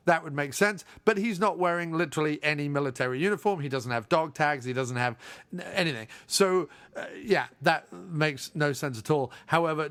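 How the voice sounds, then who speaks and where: A podcast host chatting in a sarcastic, amused way and laughing often. His voice sits a little high for a man. The recording is dry and close. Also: fairly bright tone, no room sound. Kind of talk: casual chat.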